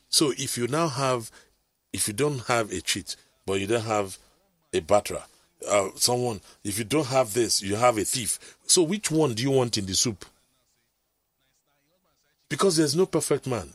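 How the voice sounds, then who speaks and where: A man's voice: mid-range voice, normal speed, fairly bright tone, no echo. A middle-aged man, telling rambling stories in casual chat, with preachy asides.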